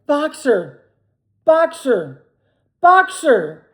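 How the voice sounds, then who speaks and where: A man's voice: very high voice, wildly swooping pitch, drawn-out words, a bit bright, pitched above the performer's own voice, exaggerated voice. A man voicing a stout, motherly old mare, crying out in anguish in a storybook reading.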